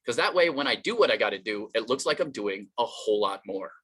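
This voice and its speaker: A man's voice: medium pitch, lively intonation, quick pace, hardly any pauses, fairly bright tone, slightly rough. A man doing an online stand-up comedy set, rambling and self-deprecating, with many fillers and restarts.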